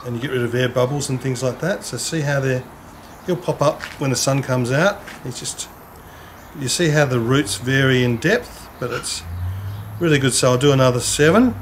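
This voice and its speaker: A man talks through a gardening task at a relaxed, chatty pace, his voice sitting at an ordinary middle pitch. He speaks gently and informally, chatting to the camera person as he works at the bench. Faint noise hangs in the background. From Australia. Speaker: home gardener demonstrating seedling transplanting. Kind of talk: casual how-to demonstration with some scripted narration.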